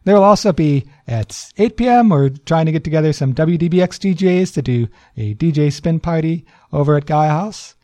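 A man co-hosting a community radio show, reading event listings in a relaxed, casual way. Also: fairly high pitch, moderate pace, few pauses, no room sound. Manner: relaxed, reads event listings with easy chuckles. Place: radio studio.

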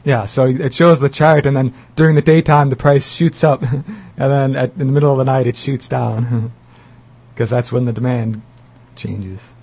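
A man's voice: mid-range voice, fairly even intonation, moderate pace, vocal fry, darkish tone, breathy edge. A man co-hosting a community radio show in casual chat, joking and sarcastic, laughing often.

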